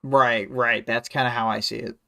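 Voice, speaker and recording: A man with a smooth, clear voice at an ordinary pitch joins a livestream book chat. He talks in an easygoing way and softens his points as he goes. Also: steady tone, moderate pace. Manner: easygoing, conversational, hedging. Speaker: podcast co-host. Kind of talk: casual livestream discussion.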